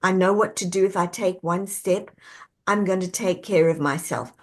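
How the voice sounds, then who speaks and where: A woman being interviewed, calmly walking the listener through reflective questions step by step. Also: on the low side, moderate pace. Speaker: guest. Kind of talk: interview answer, coaching talk.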